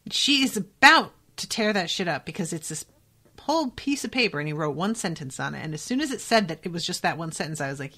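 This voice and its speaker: A woman hosting a casual book-reaction podcast, reading passages aloud and reacting with expressive, profane outbursts. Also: lowish voice, fast, slightly rough. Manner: expressive and profane, swings between quiet reading and excited outbursts. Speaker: podcast host.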